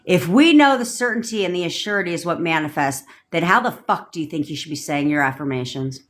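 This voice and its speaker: A woman's voice: low-pitched, lively intonation, brisk. A woman manifestation coach on a livestream, ranting bluntly with lots of swearing and repeating commanding affirmations.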